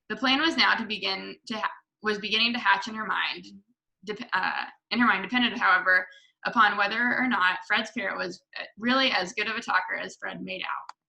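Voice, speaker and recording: A woman reading a children's book aloud to a book club, expressive with small slips. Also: medium pitch, vocal fry, poor audio.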